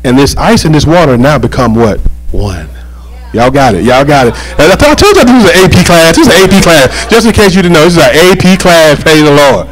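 A male pastor delivers a sermon in a lively, sing-song voice that climbs and falls. He jokes with the congregation and keeps checking in with them. His voice sits a little above the usual male range. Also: a little high, brisk, rough recording. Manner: animated, joking, with call-and-response asides.

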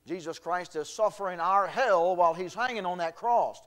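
A man's voice: sits high, normal speed, a bit bright. A male pastor preaching a sermon, reading scripture aloud and building in intensity. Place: church.

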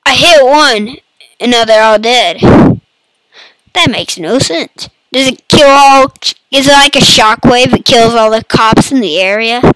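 A woman with a hoarse, fading voice and a cough, chatting playfully to viewers over gameplay. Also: a little high, lively intonation, a little slow, a bit bright, no echo, low-quality recording. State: hoarse, losing her voice, coughing. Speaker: gaming YouTuber. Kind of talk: casual let's-play commentary. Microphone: computer mic.

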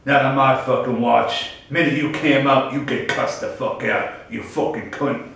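A man's voice: mid-range voice, fairly even intonation, a little slow, creaky, a bit bright, heavy reverb, distant mic, slight background noise, poor audio. A man ranting in a brash, profane, boastful vlog. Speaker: vlogger.

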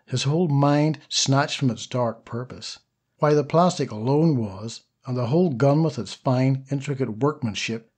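A man narrating a short story as an audiobook, steady and even. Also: medium pitch, husky. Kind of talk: scripted narration.

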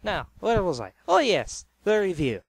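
A man's voice: high voice, wildly swooping pitch, normal speed, vocal fry, dry recording. A man narrating a cartoon in a chatty, explanatory way.

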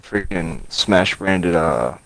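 Young guy streaming, low voice, takes his time, rambles and jokes around. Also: expressive, slow, gravelly, a bit bright, a little hiss or hum, poor audio. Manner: joking, rambling with fillers. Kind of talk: casual gaming chat.

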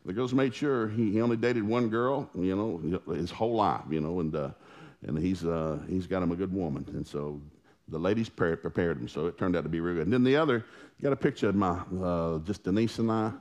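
A man preaching in a church, telling family stories in a folksy, animated way with acted-out quotes. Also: deep voice, fairly quick. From Oklahoma. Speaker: pastor. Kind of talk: storytelling sermon.

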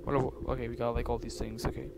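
A young man commentating a game, jittery, swinging from hushed mutters to loud yelps. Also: medium pitch, flat delivery, quick pace, creaky. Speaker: gaming YouTuber. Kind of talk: let's-play commentary. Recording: loud noise behind voice.

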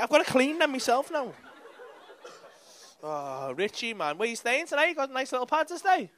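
Brash, sweary high-voiced male comedian. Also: sing-song, fast talker, a bit bright, slight background noise. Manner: brash, sweary banter with the audience. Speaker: stand-up comedian. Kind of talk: crowd work stand-up. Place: comedy club stage.

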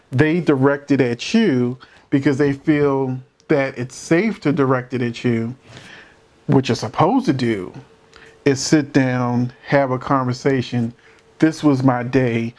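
Reacting to a court show, a male commentator with a medium-pitched, slightly mellow voice gives casual yet emphatic commentary on a couple's dispute. He uses rhetorical questions and visibly struggles to hold back from cursing.

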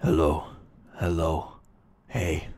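A man faking a deeper voice to play a mysterious hacker on a voice call. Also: little pitch movement, slow pace, a little mellow. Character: mysterious male hacker on a call, deep fake voice.

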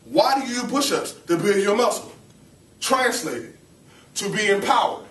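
Young man, campus preacher, lively sermon, high-pitched, distant and echoey. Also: moderate pace, slight background noise. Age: young adult. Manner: animated, playful, calls to the audience. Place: campus ministry meeting room. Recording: roomy hall, mic at a distance.

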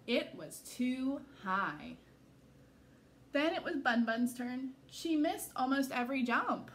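Woman, school staff, expressive read-aloud, lively pitch, hissy recording. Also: takes it slowly. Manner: expressive storytelling. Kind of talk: reading a picture book aloud.

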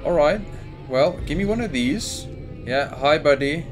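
A man's voice: on the high side, animated, a little slow. A young man commenting on his game as he plays, panicking aloud and talking to his character and the monster. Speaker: gaming YouTuber. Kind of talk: let's play commentary. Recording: faint music behind. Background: game music.

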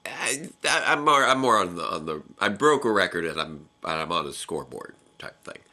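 Animated young man with a bright voice. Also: low voice, a little fast. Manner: animated, exclamatory, stammers and restarts. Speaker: co-host of a reaction video. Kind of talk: casual live reaction chat. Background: television episode playing.

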